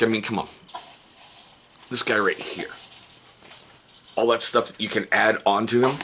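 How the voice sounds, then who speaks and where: A man's voice: mid-range voice, fairly bright tone, slight background noise. A man in his forties hosting a casual hobby unboxing vlog, chatty, joking and encouraging. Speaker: hobby channel host.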